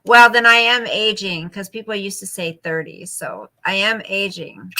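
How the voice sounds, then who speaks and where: Reading out viewer comments and answering them, a woman in her fifties runs a relaxed late-night live chat and slips into cooing baby talk with her dog. She speaks in a mid-range, expressive voice at a moderate pace with a sharp edge.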